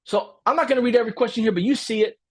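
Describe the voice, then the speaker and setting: An extremely high-pitched, slightly rough voice belongs to a man coaching a live webinar with plenty of energy. He checks in often with "right?", repeats his points, and performs quick role-plays of client dialogue.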